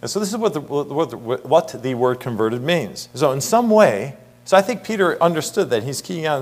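A man's voice: mid-range voice, very animated, normal speed, hardly any pauses. A middle-aged man preaching an earnest Bible sermon, asking the congregation rhetorical questions and reading scripture aloud.

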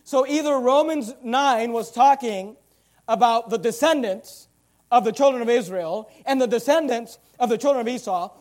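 A man's voice: very high-pitched, darkish tone. A man preaching a sermon, teaching verse by verse and acting out the characters' thoughts in quoted asides. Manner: verse-by-verse Bible teaching, urging listeners to underline words. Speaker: pastor.

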